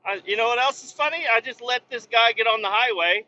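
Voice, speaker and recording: A man hosting a podcast, ranting heatedly with constant swearing and bursts of yelling, recorded in the cab of a semi truck while driving. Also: very high voice, a little fast. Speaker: podcast host. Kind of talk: profane ranting monologue. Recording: dull lo-fi recording.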